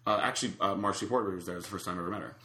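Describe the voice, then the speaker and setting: A man's voice: low voice, very fast, reverberant. A man casually telling a long anecdote, acting out the other people's lines. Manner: animated storyteller acting out quotes. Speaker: storyteller guest.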